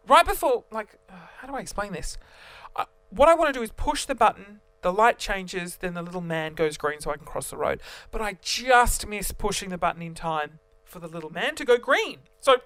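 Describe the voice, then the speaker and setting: A young man telling a story to camera as a vlogger, animated and theatrical, jumping between voices. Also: high-pitched, clear, resonant tone, no echo.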